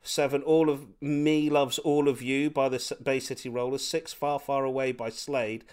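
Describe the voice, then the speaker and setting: Male podcast co-host, mid-pitched, effusive and giggly, casual chat. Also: flat delivery, moderate pace, a little mellow, clear, resonant tone. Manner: enthusiastic, laughs often, gushing superlatives.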